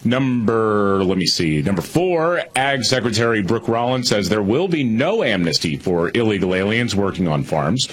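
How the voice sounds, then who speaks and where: A man's voice: on the low side, animated, moderate pace, few pauses, husky. A man co-hosting a talk radio show, counting down news headlines with wry asides and laughter. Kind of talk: casual political talk radio banter.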